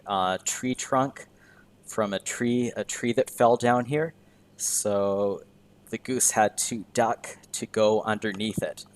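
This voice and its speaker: Slow, low-voiced male English teacher. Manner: simple, repetitive phrasing for beginners. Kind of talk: slow teaching commentary over gameplay.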